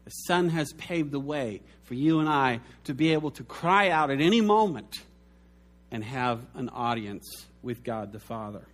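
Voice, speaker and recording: A man's voice: mid-range voice, expressive, unhurried. A man preaching a sermon, telling anecdotes and acting out the voices in his stories. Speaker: pastor.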